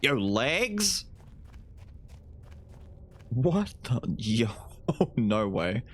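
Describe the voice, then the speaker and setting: A man's voice: medium pitch, very slow. A man streaming a video game live, casually commentating, swearing and yelping as fights break out. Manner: excitable, swears, yelps during fights.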